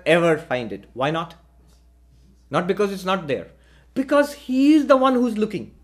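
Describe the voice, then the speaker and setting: A man teaching a philosophical lecture in a measured way, posing rhetorical questions to his listeners. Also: high-pitched. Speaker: spiritual teacher.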